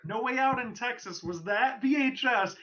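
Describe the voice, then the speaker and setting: Young male podcast co-host, bright and sharp, nostalgic and jokey, lo-fi recording. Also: very high voice, lively intonation, normal speed. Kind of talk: casual chat. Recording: dull lo-fi podcast audio.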